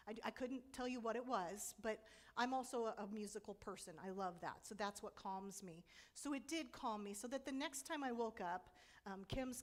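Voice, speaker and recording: Middle-aged woman, conference speaker; bright-ish register, frank and laughing as she tells her story. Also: on the high side. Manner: candid storytelling with frequent laughs. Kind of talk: personal testimony talk.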